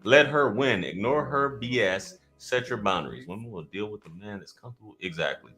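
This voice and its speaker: A man's voice: expressive, brisk, fairly bright tone, soft background music. A man hosting a live podcast stream, chatting casually and joking with viewers and his co-host. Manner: loose, joking, talks to the chat, swings up in pitch when surprised.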